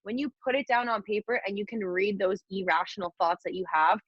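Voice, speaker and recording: A woman's voice: medium pitch, a little fast, a bit bright, breathy edge, no room sound. Chatty young woman on a dull call line. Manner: chatty and candid, swears freely, acts out inner voices. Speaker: guest mentor. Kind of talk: casual motivational talk on a group call. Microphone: video call.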